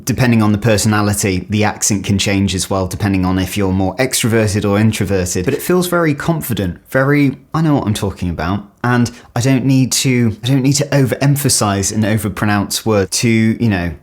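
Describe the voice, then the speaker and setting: A man's voice: fairly low pitch, brisk, few pauses. A man hosting a video, giving casual, enthusiastic reaction commentary on accents. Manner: enthusiastic and chatty. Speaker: YouTube host reacting to accents. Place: home studio.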